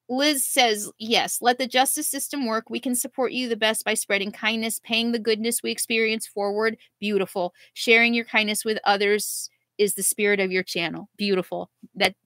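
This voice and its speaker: A middle-aged woman vlogger in a casual live Q&A, reading viewer comments and answering them in a halting, emotional way, at times near tears. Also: medium pitch, sharp tone, dry recording. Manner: emotional, halting, laughs through grief.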